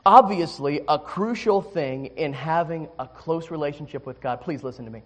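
A man's voice: a little high, normal speed. A man preaching a sermon, telling a candid personal story with many restarts before turning to scripture. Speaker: pastor.

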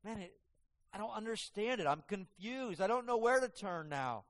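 A man's voice: high-pitched, animated, normal speed, a bit bright, pitched above the performer's own voice. A man voicing two confused, despairing male travelers who lament their lost hope, heard with long hall reverb. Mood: distraught. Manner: bewildered, lamenting.

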